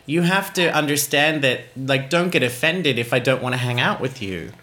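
A man's voice: medium pitch, moderate pace, pushed and bright. A man chatting casually and cracking wry jokes. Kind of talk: casual chat.

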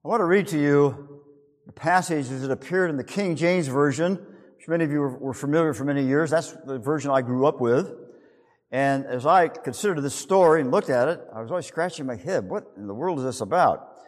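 A man's voice: a little high, fairly quick, long reverb tail. A man preaching a sermon who reads scripture and retells it as a vivid story full of rhetorical questions. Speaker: pastor.

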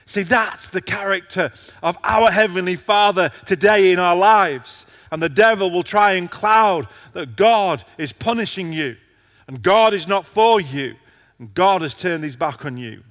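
A man's voice: sits high, a little slow, fairly bright tone, in a large hall. A male pastor preaching a passionate sermon to a congregation, his intensity rising and falling.

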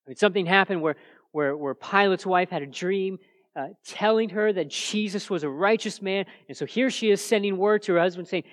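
Guy giving a sermon, fairly high voice, chatty, lots of restarts and pointed questions. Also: brisk. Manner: conversational, frequent restarts, emphatic questions. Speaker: preacher. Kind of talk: expository sermon.

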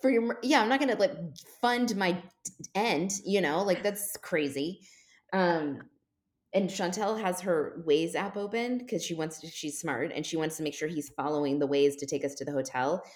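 Guest storyteller: woman, 40s, deep for her sex, chatty, does quick voices of people she quotes. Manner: animated, jumps into quoted voices. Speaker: podcast guest. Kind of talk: casual storytelling.

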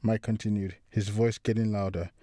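A man narrating a crime story in a measured, dramatic reading. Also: on the low side, level tone, dark tone, no echo.

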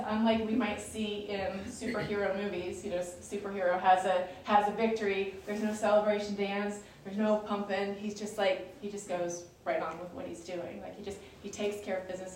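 A woman's voice: medium pitch, a little hiss or hum. Woman teaching scripture in an echoey room. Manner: chatty and explanatory, with fillers and restarts. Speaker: Bible study leader. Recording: echoey room, distant mic.

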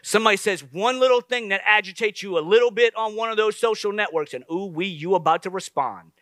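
A man preaching a sermon as pastor, lively and conversational, with asides to the congregation. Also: high-pitched, fast, dry recording.

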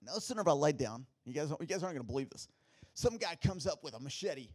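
A man preaching to his congregation, his husky voice rising and falling freely as he tells a story. He keeps asking rhetorical questions and making declarations of faith. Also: fairly high pitch, animated, fast talker, darkish tone. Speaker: pastor. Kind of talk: sermon with personal story.

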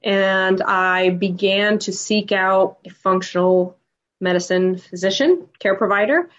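A woman in her thirties tells her own story as a podcast guest. She is emotional and animated and acts out the lines of the people in it. The recording sounds dull and lo-fi. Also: medium pitch, measured pace. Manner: emotional, animated retelling with acted-out dialogue. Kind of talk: personal storytelling in an interview.

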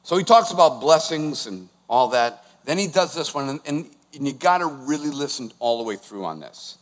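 A man in his sixties preaching a sermon as pastor, animated and emphatic, putting questions to the congregation. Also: medium pitch, moderate pace, hardly any pauses, big-room sound. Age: 60s.

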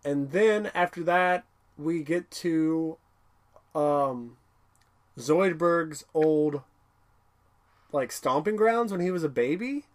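This co-host's voice runs on the high side, and he speaks slowly with frequent pauses. Rambling through a casual episode recap, he fills it with laughs and filler words and bursts into excited character quotes.

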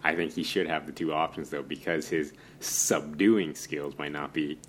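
Very deep-voiced man with a faint rumble. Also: level tone, normal speed, a bit bright.

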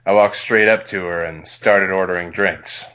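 Deep, bright-toned man reading a story. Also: steady tone, normal speed. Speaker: podcast co-host reading a listener story. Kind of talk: dramatic story reading with a put-on sexy voice.

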